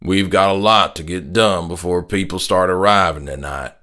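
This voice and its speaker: A man doing a slow-drawling Southern dad. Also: low-pitched, a bit bright. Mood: gruff, dismissive. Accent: Southern US country drawl. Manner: dismissive, sneering. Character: selfish rude middle-aged Southern dad.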